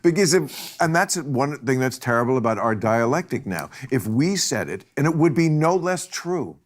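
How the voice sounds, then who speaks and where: Wry, laughing man, lively pitch. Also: moderate pace. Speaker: host. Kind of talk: casual chat over drinks. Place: studio set. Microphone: lapel mic.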